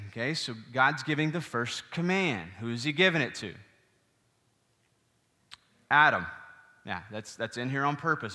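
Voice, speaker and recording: A man's voice: mid-range voice, long reverb tail. A pastor preaching a sermon, teaching through scripture and putting questions to his listeners. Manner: animated, asks the congregation questions.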